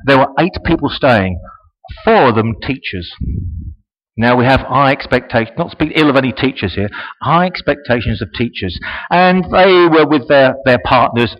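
A man telling a story to a roomful of people, his voice swinging high and low as he goes. He talks in a chatty way and turns to the audience with asides. The recording sounds dull and lo-fi. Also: fairly bright tone. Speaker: speaker at a presentation. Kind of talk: storytelling speech.

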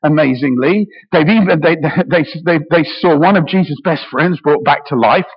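A middle-aged British man preaches a sermon with emotion and passion, often repeating words as he goes. His voice is husky and on the high side at normal speed. The recording sounds dull, as if in an echoey hall.

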